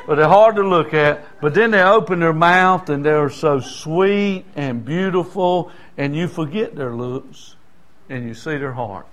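A man's voice: a little high, normal speed, a bit bright. An older man preaching a sermon in a folksy, conversational way, often asking the congregation "Amen?". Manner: folksy, conversational preaching with call-and-response asides.

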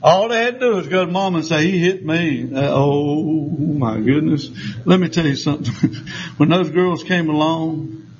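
An older man with a drawl delivers a sermon to his congregation, spinning folksy, joking stories. His voice sits high for a man, and the recording is a little dull and muffled.

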